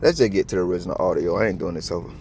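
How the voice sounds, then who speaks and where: A man's voice: sits low, rapid-fire, a little mellow, slight background noise. A man from Georgia with a Southern accent, ranting profanely in heavy slang as the host of a casual reaction commentary.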